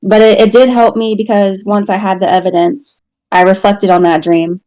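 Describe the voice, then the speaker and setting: A woman sits as a guest and tells a personal story in a frank, casual way, chuckling at herself along the way. Her voice is mellow and warm. The recording is dry, with no room sound. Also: medium pitch, level tone, moderate pace, no room sound, poor audio. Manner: candid, storytelling, laughs at herself.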